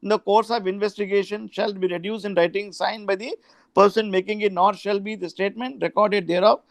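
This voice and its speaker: A man's voice: high voice, steady tone, a little fast, creaky, no room sound. A man with an Indian English accent giving a law lecture, reading statute sections aloud and slipping into Hindi asides. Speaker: law professor.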